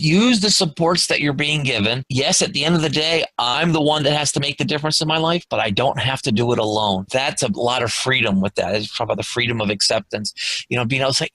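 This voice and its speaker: A man's voice: medium pitch, pushed and bright, dry recording, poor audio. A man with an American accent, co-hosting a podcast in an earnest, motivational way. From England. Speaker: co-host. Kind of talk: casual podcast chat.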